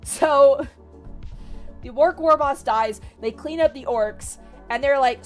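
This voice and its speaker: A woman's voice: high-pitched, lively intonation, unhurried, soft background music. A young woman streamer animatedly retelling a book to her chat, swearing often. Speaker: VTuber streamer. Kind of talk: casual livestream book recap.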